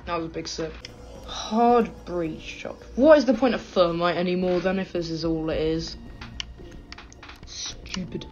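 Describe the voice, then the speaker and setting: Excitable British woman playing games. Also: on the low side, unhurried, dull audio. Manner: excitable and self-mocking. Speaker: gaming channel host. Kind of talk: gameplay commentary.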